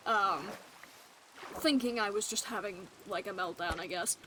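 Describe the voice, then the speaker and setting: A young woman with a medium-pitched, sharp-toned voice speaks at a moderate pace, with a faint hiss or hum in the background. While streaming a game, she tells a story from her childhood in a casual, chatty style. She laughs often as she talks.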